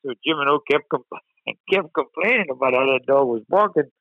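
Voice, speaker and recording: A man's voice: on the high side, expressive, fairly quick, no echo, phone-quality sound. A man with a Cajun accent telling a folksy story as a podcast guest. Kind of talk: casual storytelling.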